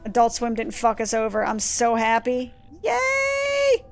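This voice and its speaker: A woman streamer giving casual let's-play commentary, rambling, excitable and profane as she goes. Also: a little high, normal speed. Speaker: gaming streamer.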